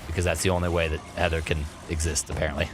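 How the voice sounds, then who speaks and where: A man's voice: deep voice, level tone, fast talker. A man live-streaming a game, playfully chatting to in-game objects and answering chat. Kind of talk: live gameplay commentary. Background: faint game music.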